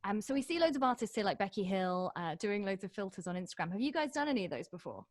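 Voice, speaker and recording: Woman radio host, from the UK, chatty, giggly, mid pitch. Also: sing-song, fast talker. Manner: chatty, giggly, friendly questioning. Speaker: radio presenter. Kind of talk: casual interview chat.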